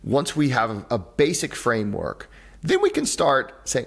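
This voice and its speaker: A man, a breathwork teacher and author, talks as a podcast guest over a video call. He explains things with animated energy, acts out little voices and often restarts his sentences. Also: medium pitch, measured pace, vocal fry, breathy edge. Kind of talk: conversational interview on a podcast.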